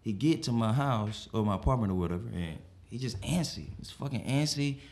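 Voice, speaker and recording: A young man co-hosting a podcast tells a casual, profane story, animatedly acting out the people in it. His voice is mid-range and brisk.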